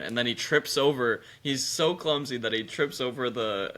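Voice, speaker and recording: A man's voice: mid-range voice, moderate pace, few pauses, a bit bright. A young man co-hosting a casual movie chat, easygoing and agreeable, recounting scenes. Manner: easygoing, agreeable, frequent "yeah". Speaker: podcast co-host.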